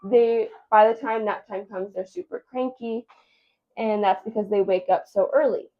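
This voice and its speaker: A woman's voice: mid-range voice, steady tone, moderate pace, dull audio. A chatty woman vlogging about her day as a mom, rambling from one thought to the next. She pokes fun at herself as she goes, in an easy mid-range voice. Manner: chatty and rambling, self-deprecating. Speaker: vlogger and stay-at-home mom. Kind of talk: casual vlog chat.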